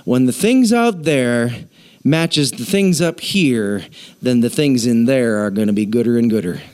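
A middle-aged man, the pastor, preaching a sermon in an animated, self-deprecating storytelling way. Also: medium pitch, unhurried, clear, resonant tone.

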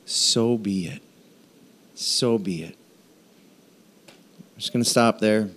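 Man preaching with lively storytelling. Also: on the low side. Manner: storytelling with animated quoted voices; halting, with fillers and restarts. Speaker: pastor. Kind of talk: sermon.

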